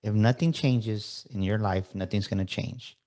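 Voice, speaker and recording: A man with a fairly low voice hosts a motivational podcast interview. He talks straight to the listeners and rallies them like a preacher. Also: unhurried, warm tone. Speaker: podcast host.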